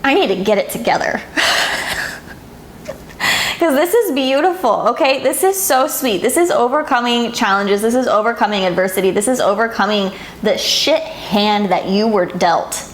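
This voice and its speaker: Woman, tarot reader, soft and emotional, echoey room with faint hiss. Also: fairly high pitch, lively intonation, normal speed, hardly any pauses. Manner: soft, emotional, gets teary and laughs. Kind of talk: pick-a-card tarot reading to camera.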